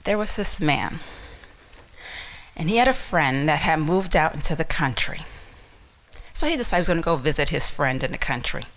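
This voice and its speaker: A woman's voice: sits low, animated, normal speed, pauses often, fairly bright tone. A woman giving a motivational talk, telling a story dramatically and asking the listener questions. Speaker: motivational speaker.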